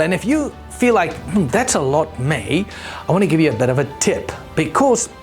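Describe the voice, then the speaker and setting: A man teaching a sales lesson, animated, acting out the people he quotes and repeating words as he thinks aloud. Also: high voice. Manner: animated, acts out quoted people in raised voices. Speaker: sales trainer. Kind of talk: presenting a lesson.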